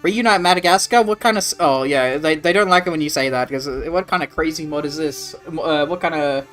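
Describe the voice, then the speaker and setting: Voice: medium pitch, fairly quick, a bit bright, faint music behind. Rambling Australian game streamer. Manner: rambling, casual swearing, answers chat. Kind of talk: casual live-stream chat.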